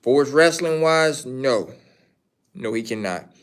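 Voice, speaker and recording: A man's voice: mid-range voice, expressive, takes it slowly, clean tone. A man hosting a casual livestream, answering chat questions in a rambling, opinionated way and repeating his points. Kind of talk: casual wrestling commentary.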